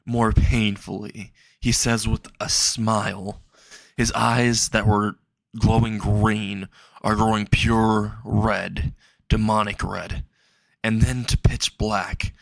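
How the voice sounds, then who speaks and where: A young man narrating a dark fan fiction story in a slow, halting way. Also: level tone, dry recording, studio quality. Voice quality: low, gravelly voice.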